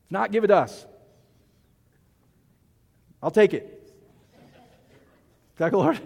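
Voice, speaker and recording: A man's voice: high-pitched, long reverb tail. A man preaching a loose, conversational sermon, joking and quizzing the congregation as he goes. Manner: folksy, joking, asks the congregation questions. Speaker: pastor.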